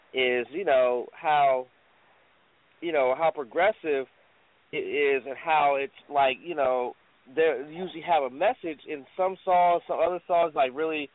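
Slangy host on a tinny line. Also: male voice, on the high side, no echo. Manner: laid-back, slangy, rambling with fillers. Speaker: podcast host. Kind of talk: casual internet radio chat.

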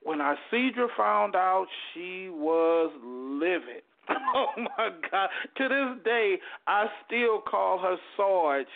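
A man telling a personal story as a guest, animated and stumbling over repeated words. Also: high-pitched, slow, gravelly. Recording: tinny phone-like line.

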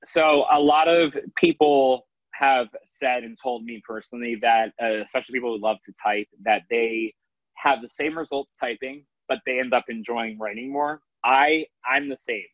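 A man's voice: mid-range voice, normal speed, fairly bright tone, dry recording, highs cut off. A man in his thirties, an author and coach, talking in a loose, rambling way with many restarts. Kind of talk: casual interview talk.

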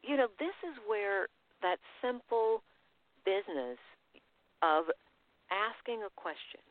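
A man's voice: high voice, expressive, slow pace, pauses often. A man hosting an interview, engaged and summarizing his guest's points into questions. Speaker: host. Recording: phone-like line.

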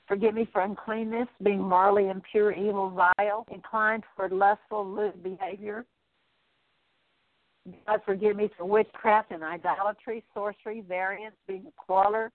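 Female minister, earnest repentance prayer in litany form; mid pitch, dry phone-line sound. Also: dry recording. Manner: earnest, repetitive litany-like pleading.

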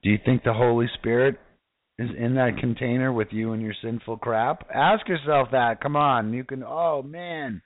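A man's voice: medium pitch, fairly even intonation, moderate pace, no room sound, phone-quality sound. A man preaching casually, reading scripture aloud and fervently calling out to his listeners. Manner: fervent, exclamatory, addresses listeners directly.

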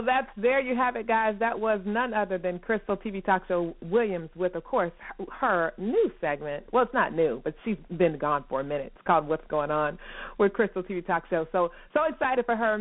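A woman hosting a radio show in casual chat, bubbly and playful, laughing often. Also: medium pitch. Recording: phone-like narrow radio sound.

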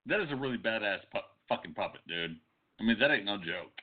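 A man's voice: lowish voice, expressive, quick pace. A man co-hosting a podcast in casual comedic chat, joking and laughing often. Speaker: podcast co-host. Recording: tinny lo-fi podcast audio.

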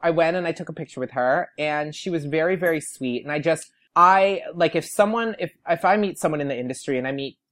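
A young man, a podcast guest, telling a story in a casual way and acting out what people said in lively voices. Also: a little high, a little fast, few pauses. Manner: animated, quotes people in lively put-on voices.

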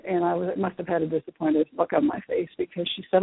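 Middle-aged lady telling a story on a call, kinda gravelly, phone sound, dry. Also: on the low side, fast talker, hardly any pauses. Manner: animated, acts out childhood dialogue. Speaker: guest, Reiki teacher. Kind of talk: storytelling in an interview. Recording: phone-line call-in audio.

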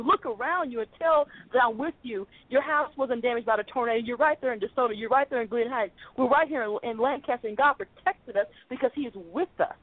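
A woman's voice: on the high side, fast, hardly any pauses, no room sound. A woman preaching a sermon over a phone call, fervent and rhythmic, repeating her phrases. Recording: tinny phone line.

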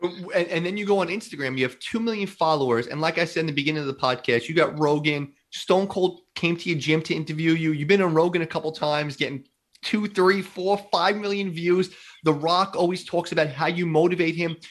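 A man's voice: a little high, fairly quick. A man hosting a podcast, asking long rambling questions in a chatty, joking way. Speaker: podcast host. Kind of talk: casual interview.

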